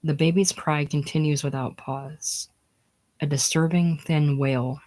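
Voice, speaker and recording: Unhurried reader of stage directions. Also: medium pitch, fairly even intonation, a little mellow. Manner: plain, unhurried reading of stage directions, sometimes dropping to a whisper. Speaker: screenplay reader. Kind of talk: casual screenplay reading.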